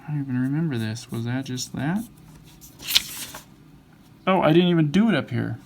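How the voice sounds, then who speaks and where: A man's voice: medium pitch, expressive, moderate pace, a little mellow. A man teaching drawing, thinking aloud and mumbling to himself as he sketches and corrects his lines. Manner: mumbling, self-correcting as he draws. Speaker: drawing instructor. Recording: faint background noise.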